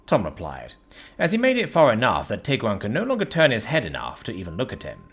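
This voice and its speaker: Husky, lively male story narrator. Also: lowish voice, fast. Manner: expressive, casual storytelling.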